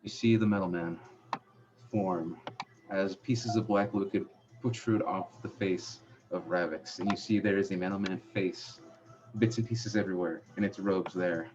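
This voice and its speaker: A young man in a low register narrates a tabletop game as game master. He describes each scene step by step, stopping often on fillers. The sound is muffled and lo-fi. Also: steady tone, noisy background. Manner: descriptive, halting with frequent fillers. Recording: muffled lo-fi audio.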